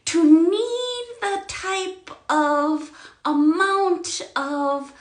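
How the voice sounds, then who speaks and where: A woman's voice: extremely high pitch, very slow. Emotional woman in an echoey room. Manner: intense, swings between loud outbursts and quiet murmurs. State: emotional, near tears. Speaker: spiritual vlogger. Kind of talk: emotional spiritual monologue.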